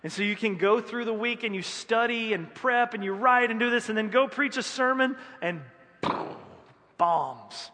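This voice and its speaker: A man's voice: high voice, animated, normal speed, bright, forceful tone. A man preaching a sermon as pastor, conversational and self-deprecating, with joking acted asides. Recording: echoey hall.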